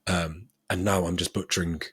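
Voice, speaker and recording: Man, husky low voice, dry close recording, casual rambling podcast chat, thinks out loud. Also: flat delivery, normal speed, no room sound. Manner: rambling, self-laughing, thinks aloud with ums. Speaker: podcast co-host.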